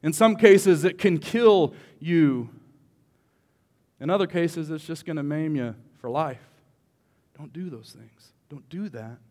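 A man preaching a sermon as a pastor, joking with the congregation and swinging between quiet asides and loud emphatic lines. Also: a little high, slow pace, in a large hall. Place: church hall.

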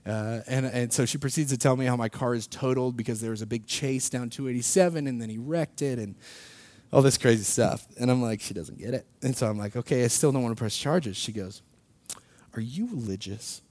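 A young man telling a personal faith story in a casual, animated way, laughing often and acting out what people said. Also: mid-range voice, fairly quick. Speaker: speaker sharing a personal testimony.

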